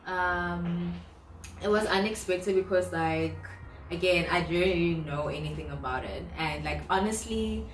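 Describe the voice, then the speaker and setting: A woman's voice: fairly low pitch, unhurried, recorded from a distance, slight background noise. A woman from the Western Cape, telling stories in a casual chat with plenty of fillers. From Western Cape, South Africa. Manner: storytelling, many fillers, laughs easily. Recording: echoey room, voice off-mic, music behind.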